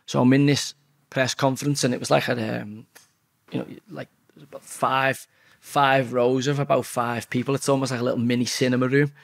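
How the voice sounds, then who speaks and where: A man's voice: mid-range voice, little pitch movement, moderate pace, creaky. A man in his forties with a Scouse accent, telling a rambling anecdote in casual chat, swearing constantly and restarting his sentences. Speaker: guest. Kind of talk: casual storytelling.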